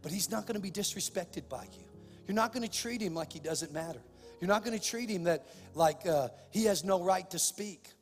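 An impassioned male pastor preaching in a church, his voice sitting a little high for a man. It drops to hushed, heavy tones and then climbs back to loud, driving preaching. A long reverb trails each phrase over faint music. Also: lively intonation, fairly quick. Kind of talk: sermon.

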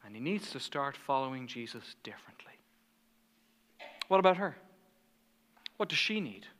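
A man preaching a sermon as pastor, telling stories animatedly and swinging from hushed asides to fired-up passion. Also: mid-range voice, big pitch swings, normal speed, long reverb tail, a little hiss or hum.

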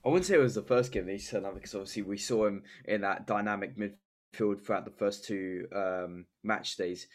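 A man with a fairly low voice talks football on a casual podcast. He hesitates and stacks up fillers, then bursts into excited praise for the game. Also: brisk. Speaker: podcast co-host.

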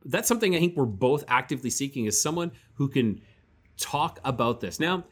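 A man's voice: mid-range voice, expressive, a little fast, breathy edge. A man co-hosting a casual podcast chat, rambling and often restarting his sentences as he thinks aloud. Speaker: podcast co-host.

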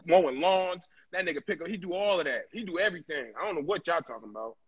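A man's voice: on the high side, lively intonation, fast talker, slightly rough. A man co-hosting a casual podcast chat, blunt and profane, ranting his opinions. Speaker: podcast co-host. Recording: dull lo-fi recording.

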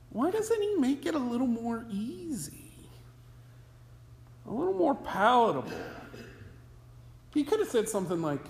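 A pastor delivers a sermon at an unhurried pace, talking it through with the congregation and tossing out rhetorical questions. The pitch rises and falls in a very lively way. The voice rings through a roomy church sanctuary with a long, trailing reverb. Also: slight background noise. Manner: conversational preaching with rhetorical questions. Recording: echoey hall with long reverb.

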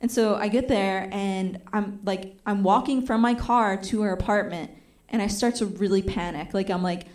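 A woman's voice: mid-range voice, moderate pace. A young adult woman telling a stand-up comedy story, acting out the voices of the people in it, with audience laughter behind her. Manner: animated, acts out quoted voices.

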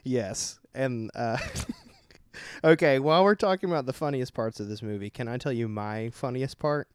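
Male co-host, smooth clear tone, dry sound, animated casual talk. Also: mid-range voice, moderate pace, dry recording. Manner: animated, laughing, frequent "like". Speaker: podcast co-host. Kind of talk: casual chat.

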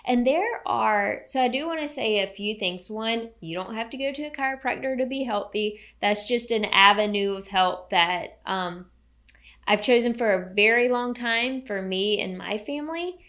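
A woman's voice: a little high, normal speed, a bit bright. A woman co-hosting a podcast, talking in a casual, encouraging way about health and hope. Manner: enthusiastic, encouraging, faith-tinged. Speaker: podcast co-host.

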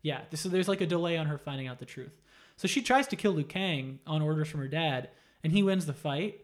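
A man whose voice is a little high and a little fast tells a video game story in a casual, profane way. He's animated throughout, performing the characters' lines himself.

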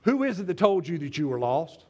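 A man's voice: fairly high pitch, very animated, brisk, warm tone. A man preaching a sermon to his church, emphatic and repetitive, full of rhetorical questions. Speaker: pastor.

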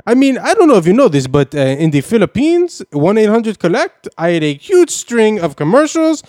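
A man's voice: sits high, very animated, moderate pace, a little mellow, dry recording, studio quality. Man playing a weepy grandiose foreign actor. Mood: boastful. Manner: melodramatic, tearful, grandiose. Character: overemotional foreign male actor with a vague accent. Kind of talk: improvised comedy podcast bit.

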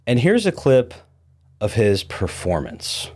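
A man's voice: mid-range voice, wildly swooping pitch, takes it slowly, darkish tone, breathy edge. Man ranting on his podcast, middle voice, lots of uh and repeats, kinda dismissive. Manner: dismissive, repeats words, many fillers. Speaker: podcast host. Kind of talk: opinionated podcast commentary.

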